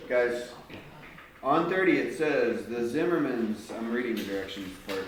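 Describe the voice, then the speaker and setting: A man's voice: mid-range voice, animated, unhurried, slight background noise. A man tutoring a group of students through algebra word problems, guiding them with patient questions. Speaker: math tutor. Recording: very echoey room, mic far off.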